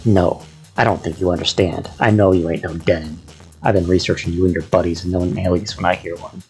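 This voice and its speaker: A man's voice: low-pitched, little pitch movement, fairly quick, darkish tone, faint music behind. A man voicing a wary, armed older Texan man in an audio story, speaking with a Texan accent and a folksy drawl. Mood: menacing. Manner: folksy drawl, threatening then jovial.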